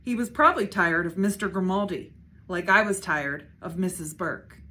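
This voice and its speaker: A woman, a school principal, reading a children's book aloud with expressive narration. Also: on the low side, normal speed. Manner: expressive, shifting voices for characters.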